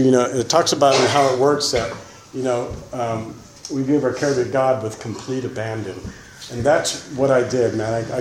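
Man, recovery testimony, rambling, keeps saying man and you know, echoey room, faint noise. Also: mid-range voice. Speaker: recovering alcoholic sharing his story. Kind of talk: personal testimony.

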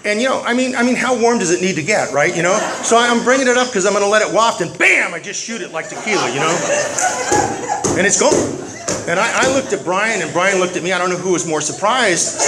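Animated man telling a comic story over noise. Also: high-pitched, fast talker. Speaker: recovering alcoholic sharing his story. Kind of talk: humorous recovery talk.

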